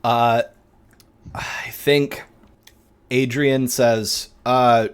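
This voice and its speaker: A man narrating a tabletop game as game master, relaxed and often pausing on fillers. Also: on the low side, smooth.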